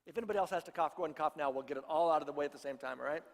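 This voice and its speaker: A man's voice: a little high, rapid-fire, gravelly, long reverb tail. A middle-aged male pastor giving a conversational sermon, joking with his congregation. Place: church sanctuary.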